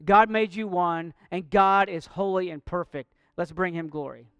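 A man's voice: sits high, steady tone, moderate pace, fairly bright tone, clear, resonant tone, no echo. A man preaching a sermon, earnest and direct, mixing light jokes with a call to faith. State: out of breath. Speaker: pastor.

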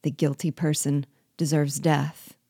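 A woman reading the part of a timid, terrified male prisoner who pleads and flatters in flowery words. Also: low-pitched, measured pace, slightly rough, dry recording, studio quality, full character voice. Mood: anxious.

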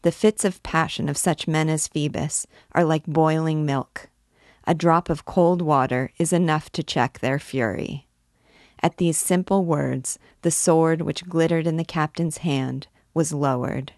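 A woman hosting a read-along, reading a classic novel aloud in a measured, steady manner. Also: low-pitched, no room sound, studio quality.

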